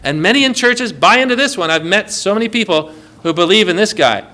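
High, bright-voiced male preacher. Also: a little fast. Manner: lively, emphatic, asks the audience questions. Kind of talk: sermon.

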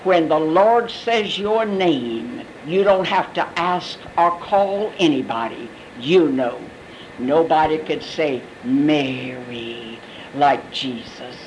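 Bible teacher, sermon commentary, conversational, expressive, mid pitch, faint hiss. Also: takes it slowly, poor audio. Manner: conversational, expressive, acts out quotes.

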